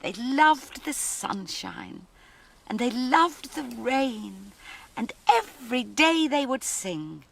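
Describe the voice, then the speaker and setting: A woman presenting a children's programme, telling a story to young children in a gentle, sing-song way. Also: high voice, sing-song, slow, gravelly.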